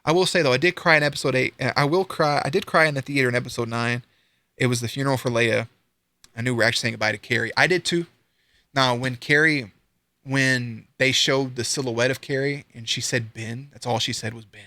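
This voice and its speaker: A young man streaming live, ranting casually with lots of swearing and sudden high-pitched outbursts. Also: brisk, dry recording. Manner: profane, animated, swings into high-pitched outbursts.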